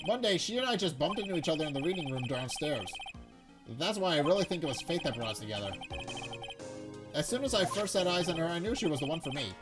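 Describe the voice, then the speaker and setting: A man's voice: a little high, lively intonation, quick pace, music in the background, natural voice. A man voicing a naive, lovestruck young man who talks eagerly. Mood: gushing. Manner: eager, gushing.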